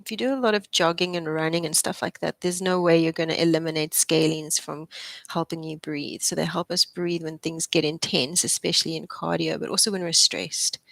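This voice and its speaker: A woman's voice: low voice, fairly even intonation, brisk, gravelly, fairly bright tone, no echo. A young adult woman, a physiotherapist, leading a live posture class with encouraging, chatty cues and frequent laughs. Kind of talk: live exercise class instruction.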